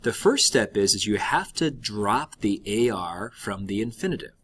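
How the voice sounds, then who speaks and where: Man, husky voice, lively rising and falling pitch, patient step-by-step teacher. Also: normal speed. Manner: patient step-by-step explaining, checks in with "all right?". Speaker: Spanish teacher. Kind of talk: recorded classroom lesson.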